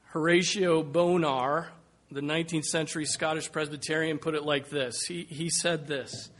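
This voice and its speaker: A man's voice: fairly high pitch, fairly even intonation, normal speed, fairly bright tone. A man preaching a sermon, making earnest, pleading appeals that suddenly swell in volume.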